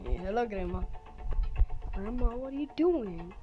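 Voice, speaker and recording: Excitable woman narrating gameplay. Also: fairly high pitch, unhurried, lo-fi sound, over music. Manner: excitable, swings between shouting and whispering. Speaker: game player.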